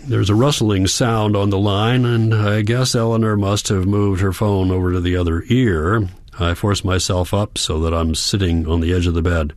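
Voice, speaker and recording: A man calmly narrating a first-person audiobook in a measured way. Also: sits low, no room sound.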